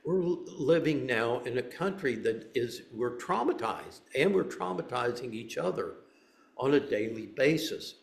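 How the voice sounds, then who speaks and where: A man's voice: medium pitch, animated, unhurried, creaky, roomy sound. A man teaching a meditation group, speaking in a loose, conversational way with frequent restarts. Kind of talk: dharma talk.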